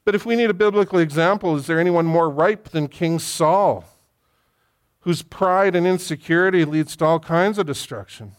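A man's voice: on the high side, normal speed, smooth. A middle-aged male pastor reading scripture aloud and then preaching a sermon that builds to impassioned emphasis. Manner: reads scripture then preaches with rising intensity.

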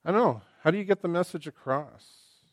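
A middle-aged male pastor preaching an animated sermon, acting out quoted voices and swinging between loud and hushed delivery. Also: high-pitched, brisk, no room sound, clean studio sound.

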